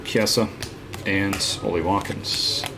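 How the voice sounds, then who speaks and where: A man's voice: lowish voice, lively intonation, slow, background noise. A man hosting a live card break, chatting casually and teasing viewers, with lots of "uh" fillers. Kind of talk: casual live-stream chat.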